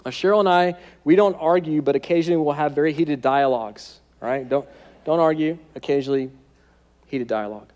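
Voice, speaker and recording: A man's voice: fairly high pitch, fairly quick, darkish tone. A man preaching a sermon as pastor, conversational and humorous, often checking in with "right?".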